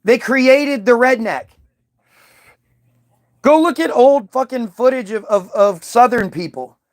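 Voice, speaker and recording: A man's voice: very high-pitched, lively intonation, slow pace. A man giving a heated, profane monologue to camera, rambling with frequent restarts and trailing asides. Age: adult, old enough to recall early-2000s hits. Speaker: video commentator.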